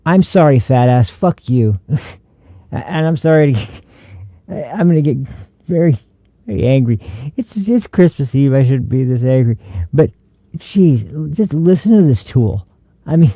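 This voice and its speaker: A young man rants through a political reaction commentary, sarcastic and heated, rambling as he goes. His voice is mellow and a touch high. The sound is close and dry, with no room around it. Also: animated, unhurried, no echo.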